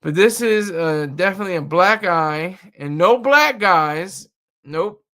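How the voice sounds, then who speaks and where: A man's voice: high voice, lively intonation, measured pace, bright, forceful tone. A man hosting a livestream, commenting on the news in a loose, joking, rambling way with plenty of fillers. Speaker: livestream host reacting to news.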